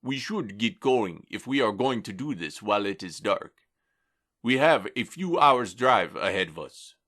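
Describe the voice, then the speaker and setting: A man's voice: lowish voice, animated, measured pace, fairly bright tone. A man voicing an easygoing, helpful young man in an audiobook, reassuring and practical. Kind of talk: audiobook reading.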